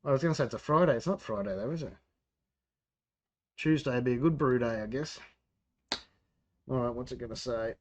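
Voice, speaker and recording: A man's voice: mid-range voice, a little fast, long pauses. An Australian man hosting a home brewing livestream, chatting casually, talking to himself and answering viewers while he works. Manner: rambling, talks to himself and reads out chat. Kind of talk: casual live-stream chat while brewing. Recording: slightly dull lo-fi sound.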